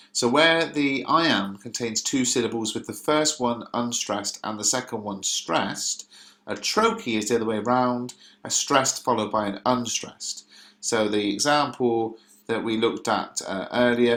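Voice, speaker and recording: A man teaching a lesson, explaining step by step in a patient way and pausing often to find his words. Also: medium pitch, fairly bright tone, echoey room. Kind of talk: recorded classroom explanation.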